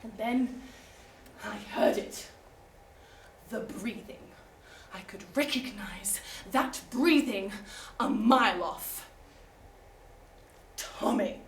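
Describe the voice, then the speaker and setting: A woman's voice: medium pitch, lively intonation, takes it slowly, slight background noise. A young woman performing a comic period monologue, theatrical and giggly, playing every part herself. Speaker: drama student performing a monologue. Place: rehearsal room. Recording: echoey room, mic far off.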